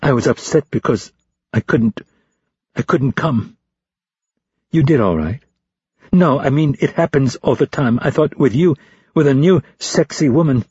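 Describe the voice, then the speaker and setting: A man's voice: mid-range voice, darkish tone, breathy edge, dry recording, lo-fi sound, voice pushed up. A man putting on a shaken, slurring male patient. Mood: embarrassed. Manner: slightly slurred, halting.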